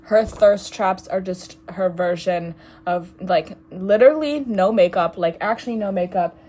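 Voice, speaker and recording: A raspy, hoarse young woman just over an illness, rambling sarcastically in a casual vlog filmed in her bedroom. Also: medium pitch, measured pace, mellow. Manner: rambling, sarcastic, easily sidetracked. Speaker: vlogger. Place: small bedroom at home.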